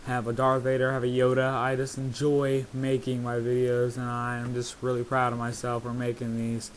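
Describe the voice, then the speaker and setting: Flat-voiced man rambling through a commentary. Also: mid-range voice, brisk, slight background noise. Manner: rambling, many hesitations and fillers. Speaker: video creator. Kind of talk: casual video commentary.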